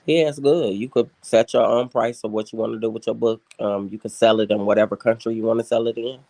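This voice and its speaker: A man in a casual group chat, giving steady advice with frequent ums. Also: lowish voice, quick pace, no room sound. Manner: advising, steady, filler-heavy.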